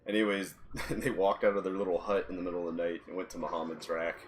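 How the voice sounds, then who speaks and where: A man's voice: sits low, level tone, quick pace, slight background noise. A man, a podcast guest, casually telling anecdotes in an easygoing way and laughing often. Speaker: podcast guest, former Marine. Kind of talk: casual storytelling.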